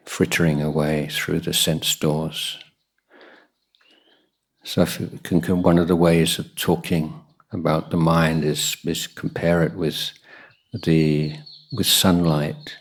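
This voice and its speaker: A man, a Buddhist monk, giving a guided meditation talk at a retreat, pausing often with soft fillers. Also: extremely low pitch, husky.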